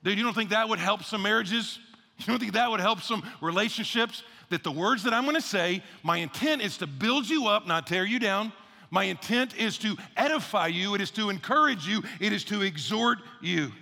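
A male pastor preaching a casual, energetic sermon, repeating phrases for emphasis. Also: sits high, normal speed, creaky. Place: church sanctuary. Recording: long reverb of a large church hall.

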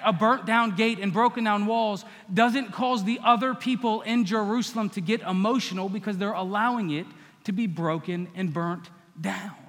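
A man's voice: sits high, a bit bright, long reverb tail. A man preaching a sermon as pastor, conversational and teasing the congregation by name.

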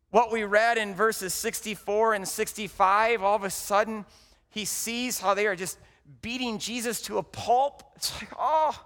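A man preaching a sermon, telling the story dramatically and swinging from loud to hushed. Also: high-pitched. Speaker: pastor. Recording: long hall reverb.

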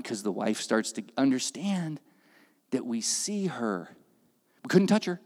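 A man preaching, telling a story with lively delivery and acted-out voices that swing from loud to hushed. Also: fairly high pitch, moderate pace, big-room sound. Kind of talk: sermon storytelling.

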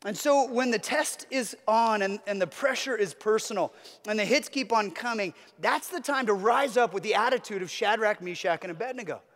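A man's voice: sits high, moderate pace, a bit bright, in a large hall. A man preaching a sermon as a pastor, earnest, with a repetitive, building cadence.

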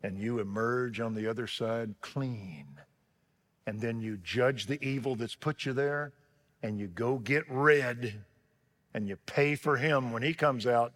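A man from Waco, Texas, preaching a sermon as pastor, telling stories and swelling to loud emphasis on key words. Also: mid-range voice, big-room sound.

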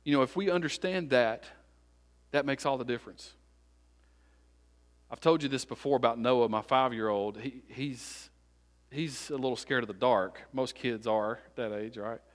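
A pastor, preaching a sermon. He builds repeated phrases up to loud peaks and then drops to quiet, slowed-down emphasis. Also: mid-range voice.

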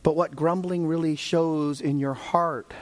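A man with a notably high voice delivers a sermon. He moves between calm, measured Bible teaching and fervent, raised-voice exhortation, and he speaks directly to the congregation as brothers and sisters. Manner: swings from calm teaching to fervent shouted preaching. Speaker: preacher.

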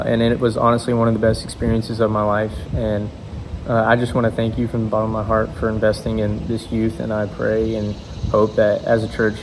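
Halting young man giving a church testimony. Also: lowish voice, background noise. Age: young adult. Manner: halting, many fillers and restarts. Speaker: youth speaker.

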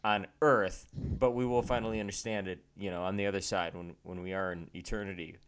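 A man's voice: low voice, fairly even intonation, a little fast, fairly bright tone, smooth. A man co-hosting a casual faith podcast, speaking in a candid, self-deprecating and earnest way. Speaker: podcast co-host.

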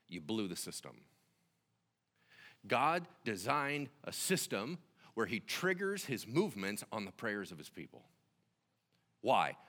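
A man preaching a sermon, telling the story in an animated way and acting out the dialogue. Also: lowish voice, big-room sound. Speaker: pastor.

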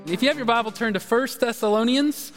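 A man's voice: extremely high pitch, fairly quick, faint music behind. A middle-aged man preaching a live Sunday sermon in a church service, talking in a conversational, rambling way full of fillers and restarts. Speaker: pastor. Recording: reverberant hall.

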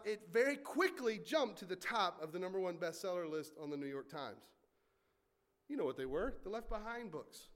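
A man preaching with lively, conversational energy. He breaks off for asides and jokes. His voice sits high for a man. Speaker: pastor. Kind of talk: sermon.

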